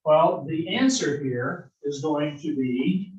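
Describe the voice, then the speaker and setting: Male algebra instructor, slow deliberate delivery, slightly high voice, roomy classroom sound. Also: a little mellow, distant mic, muffled recording. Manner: slow, explanatory, asks and answers own questions. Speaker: math instructor. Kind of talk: recorded classroom lecture.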